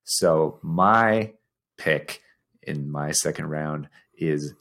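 Deep gravelly male podcast host. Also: very slow, a bit bright. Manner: easygoing, wry, multitasking while talking. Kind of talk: casual chat.

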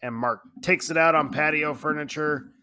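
A man's voice: a little high, normal speed, bright, forceful tone, slight background noise. A man co-hosting a casual movie podcast, recapping scenes with frequent laughter. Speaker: podcast co-host.

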